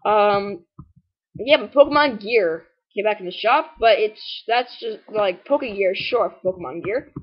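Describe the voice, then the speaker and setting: A woman's voice: mid-range voice, animated, moderate pace, breathy edge, muffled recording. A woman casually commenting on a game walkthrough, rambling and sarcastic with lots of "like" and "anyways". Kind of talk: casual let's-play commentary.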